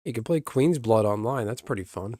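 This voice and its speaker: Brief: young male streamer at home, rambling and blunt, dry close sound, mid pitch. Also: animated, a little fast, dark tone, no room sound. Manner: rambling, blunt, swears casually. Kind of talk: casual stream chatter.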